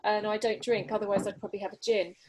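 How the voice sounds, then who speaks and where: A woman's voice: medium pitch, little pitch movement, quick pace, a little mellow, a little hiss or hum. A woman hosting a webinar panel, musing and asking thoughtful follow-up questions. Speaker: host, CEO. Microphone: video call.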